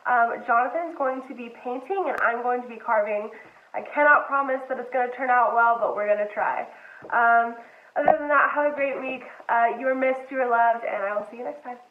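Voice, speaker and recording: Gentle female storybook reader, slightly high voice, tinny roomy recording. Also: brisk. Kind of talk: storybook read-aloud. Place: home, dogs nearby. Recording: echoey, tinny phone-like sound.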